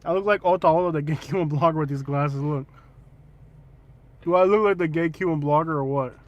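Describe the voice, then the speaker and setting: Man, slightly high voice, teasing livestream host with loud outbursts. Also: a little fast, muffled recording. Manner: joking, teasing, with loud excited bursts. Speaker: vlog host. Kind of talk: casual livestream chat.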